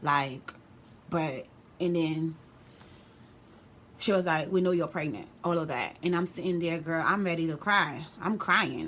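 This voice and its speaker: A young woman telling a personal story on her vlog in a casual, animated way, full of slang. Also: lowish voice, slight background noise. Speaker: vlogger.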